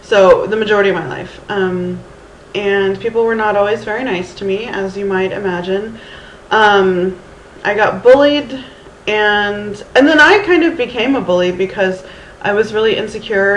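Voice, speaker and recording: A mid-range female voice comes through with slight background noise. The speaker, a Houston vlogger in her thirties, casually rambles through a storytime with Valley Girl-like speech and lots of ums and restarts, captured by her camera's mic in a roomy setting with faint ambience.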